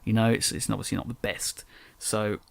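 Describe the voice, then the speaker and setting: On his solo podcast, a young man from England speaks at a moderate pace in a low, gravelly voice with a flat delivery and no echo. His casual accent drops its T's, and his chat rambles with frequent self-corrections.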